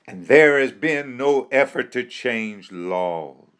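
A man's voice: mid-range voice, lively intonation, slow pace, a bit bright, clean tone. An American man giving an impassioned, sermon-like speech. He builds it on a repeated refrain and rhetorical questions. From United States.

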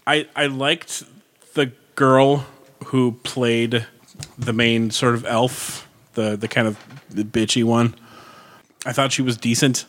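A man's voice: mid-range voice, fairly even intonation, takes it slowly, fairly bright tone. A man co-hosting a podcast in casual chat, blunt and profane, with many fillers and restarts. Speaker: podcast co-host.

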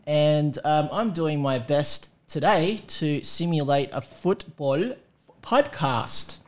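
A man's voice: on the high side, expressive, slow pace, soft background music. A man hosting a podcast, chatting casually with wry humor and many fillers. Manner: rambling, filler-heavy, wry. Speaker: podcast host.

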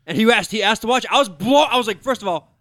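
A man co-hosting a casual sports podcast, joking and telling quick, excitable stories about his young son. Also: high-pitched, dry recording, clean studio sound. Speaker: podcast co-host.

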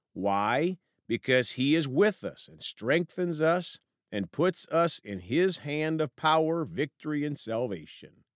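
A man's voice: mid-range voice, dry recording, clean studio sound. A man preaching a sermon, praying and reading scripture verses aloud in an earnest manner.

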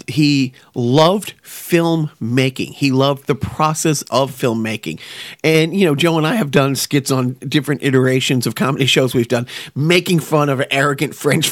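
A man's voice: a little high, no room sound, studio quality. A man co-hosting a podcast, chatting casually and rambling with lots of restarts and fillers. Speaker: podcast co-host. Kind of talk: casual chat.

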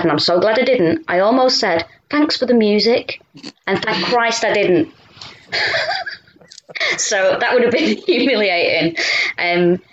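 A woman's voice: medium pitch, lo-fi sound. A woman from Manchester with a Mancunian accent, a comedian chatting in an interview and telling stories with many fillers and restarts. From Manchester, England. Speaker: comedian guest. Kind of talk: casual interview chat.

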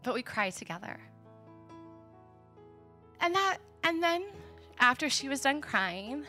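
A woman's voice: sits high, sing-song, slow pace, bright, forceful tone, faint music behind. A woman in her thirties preaching a sermon through a personal story, speaking earnestly and candidly, often laughing.

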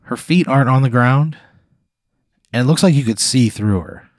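A man telling an improvised comic story in the second person, in a deadpan, rambling way. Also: mid-range voice, normal speed, dry recording, clean studio sound.

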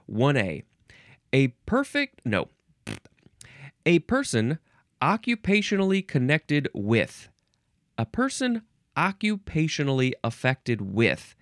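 Wry, slow-talking man musing on words. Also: fairly high pitch, wildly swooping pitch, dry recording, studio quality. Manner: wry, musing, goofy asides. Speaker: podcast host reading dictionary entries. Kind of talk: casual solo podcast.

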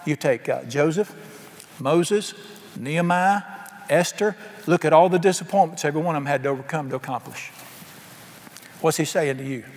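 A man's voice: fairly high pitch, normal speed, pauses often. A man preaching a sermon emphatically, asking his congregation questions. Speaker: pastor. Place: church sanctuary. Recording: long hall reverb.

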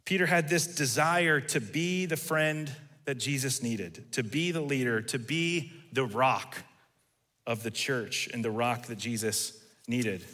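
Male preacher, casual sermon delivery, bright tone, big reverberant room. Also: medium pitch, a little slow. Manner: conversational, acts out quoted lines. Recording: reverberant hall.

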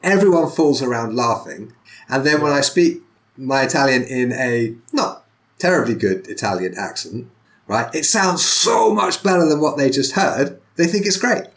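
A man hosting a conversational interview podcast, talking in a blunt, animated way. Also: mid-range voice, normal speed. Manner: animated, blunt, lively storyteller. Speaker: podcast host.

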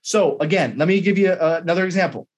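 A man with a high voice leads a sales training lesson. He coaches with emphasis, often repeats himself and models script lines aloud to show how they should sound. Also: fast talker, lo-fi sound.

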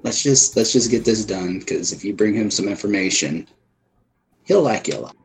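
A man's voice: on the low side, normal speed, a little hiss or hum, natural voice. A man voicing a scheming adult man who speaks in a sly, falsely friendly way.

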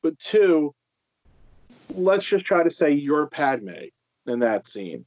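A man's voice: fairly high pitch, sing-song, takes it slowly, a little mellow, no echo. A man co-hosting a casual podcast about films, rambling with many fillers and restarts. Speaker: podcast co-host. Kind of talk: casual film discussion. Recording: slightly dull lo-fi audio.

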